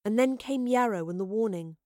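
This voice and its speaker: A woman's voice: fairly high pitch, no echo. Woman narrating an audiobook, dry sound. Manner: measured, steady storytelling. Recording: dry close recording.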